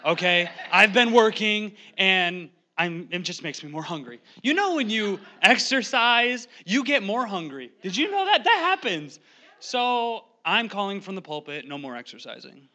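A young man preaching from a church pulpit in a quick, joking, animated way, holding a handheld microphone. His voice sits high for a man and sounds bright and forceful. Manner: fast-talking, joking and animated. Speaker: guest preacher. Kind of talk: humorous sermon. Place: church sanctuary.

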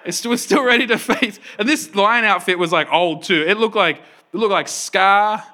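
A male pastor in his thirties preaching a sermon, telling a story in an animated way and laughing often. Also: high voice, moderate pace.

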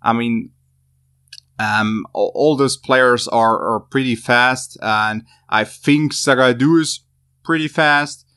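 A man talking football tactics as a podcast guest, halting and restarting often with many fillers. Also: medium pitch, sharp tone, clean tone. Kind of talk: casual podcast discussion.

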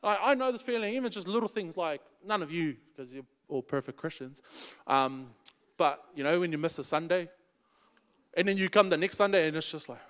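Slangy New preacher in a big hall. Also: male voice, fairly high pitch, brisk. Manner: casual, slangy, animated storytelling. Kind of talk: storytelling sermon.

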